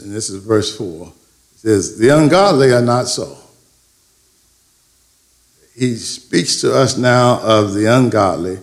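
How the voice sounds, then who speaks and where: A man's voice: on the low side, reverberant. A man preaching a sermon as pastor, calling for responses and stretching key words for emphasis. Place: church sanctuary.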